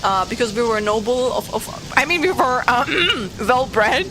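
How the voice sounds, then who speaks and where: A woman's voice: a little high, lively intonation, takes it slowly, background noise. A woman with a German accent, a VTuber host chatting casually and giggling while recapping a story game. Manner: giggly, rambling with many fillers. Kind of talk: casual game-stream chat.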